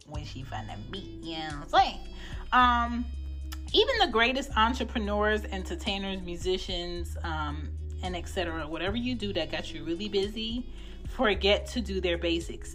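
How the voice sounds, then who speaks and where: A woman's voice: on the low side, fairly bright tone. A woman hosting a podcast on her own, giving a blunt, profane pep talk in a casual way. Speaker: podcast host.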